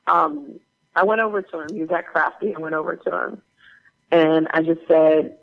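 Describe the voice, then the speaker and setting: A woman guest on an interview show, telling animated stories in a casual way with lots of fillers. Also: low-pitched, moderate pace, gravelly, narrow, tinny audio. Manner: animated, chatty anecdote-telling with many fillers. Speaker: guest actor.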